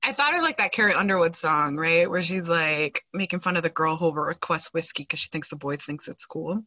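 A woman's voice: deep voice, a little fast, sharp tone, no room sound, low-quality recording. A woman co-hosting a podcast, recapping a TV episode in casual chat, with many fillers and sarcastic asides. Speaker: podcast co-host.

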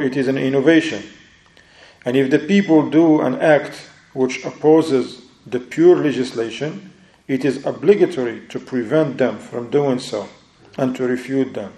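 A man's voice: medium pitch, mellow, roomy sound. A man teaching a religious book study, explaining step by step, checking in with his listeners, and mixing Arabic phrases into non-native English. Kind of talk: religious lesson.

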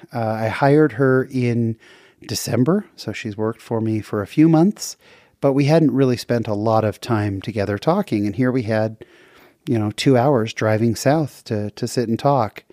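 Earnest guy from the western us telling a church story on his podcast, relaxed warm voice. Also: normal speed, no room sound, studio quality. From western United States. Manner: earnest, lively retelling with sudden pitch jumps. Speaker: podcast host. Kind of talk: casual faith storytelling podcast.

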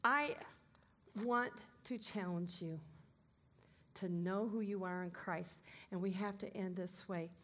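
A woman's voice: medium pitch, steady tone, slow pace. Emphatic woman preaching a sermon. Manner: emphatic and commanding, swings between loud declarations and soft asides.

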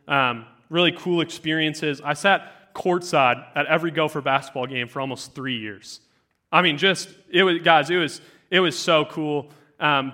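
Casting: young male youth speaker, bright tone, slightly high voice, chatty storytelling sermon. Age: 20s. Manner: animated storytelling, many fillers.

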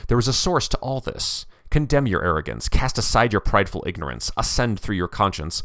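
A stern medieval poet's spirit preaches and scolds in a grand, sweeping voice, as a man acts him out. His pitch swings widely, with low, heavy endings. The recording is close and dry. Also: vocal fry, no room sound. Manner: stern, preaching, with mocking laughs. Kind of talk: dramatic reading of a story.

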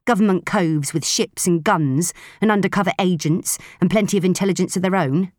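A woman voicing a rough-spoken, complaining female pirate crewwoman in an audiobook reading. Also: on the low side, brisk, no echo, studio quality, pitched above the performer's own voice, natural voice. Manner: coarse, complaining, ungrammatical.

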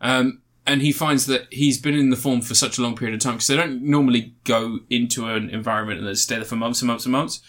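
Guy co-hosting a podcast, bright forceful voice, loose and jokey, loses his words. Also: medium pitch, fairly even intonation, fast talker, few pauses. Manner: rambling, jokey, searching for words. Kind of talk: casual chat.

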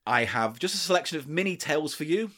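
A podcast co-host with a slightly high, fairly bright voice talks fast and animatedly. He banters crudely in casual comedy podcast chat and laughs often.

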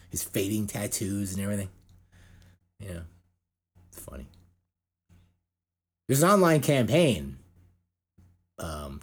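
A man's voice: on the low side, vocal fry, breathy edge. A man hosting a metal news podcast, talking in rambling, profane casual chat. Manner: rambling, profane, animated banter.

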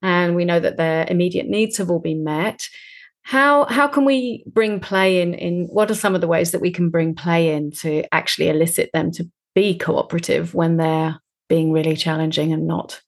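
A woman's voice: lowish voice, moderate pace. A middle-aged woman hosting a parenting podcast, enthusiastic and thinking aloud as she talks with her guest. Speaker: podcast host. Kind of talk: conversational interview.

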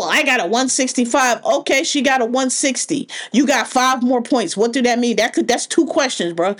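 A woman runs her own podcast as a solo rant. Her voice sits a little high. She talks bluntly and swears freely, with an exasperated edge that never lets up. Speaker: podcast host.

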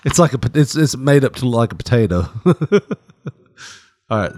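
A man's voice: mid-range voice, big pitch swings, normal speed, pauses often, a little mellow, faint music behind. A man co-hosting a podcast, joking crudely and laughing often as he talks. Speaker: podcast co-host. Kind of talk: crude comedic banter.

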